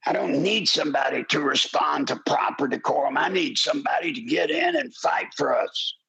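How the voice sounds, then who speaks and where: Pleading and impassioned, a gravel-voiced older man runs his political talk radio show, his monologue swelling into shouts. He pitches on the high side, sounds very animated, and keeps a normal speed, though the audio quality is poor.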